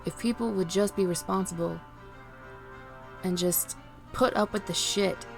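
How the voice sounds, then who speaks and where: A woman vlogging unscripted while grieving, near tears, pleading and halting with restarts. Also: mid-range voice, creaky, soft background music. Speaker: streamer and vlogger. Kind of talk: unscripted emotional vlog.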